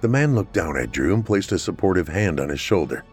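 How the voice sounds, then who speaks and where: A man narrating a scripted horror story in a steady, measured way. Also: sits low, slightly rough, faint music behind.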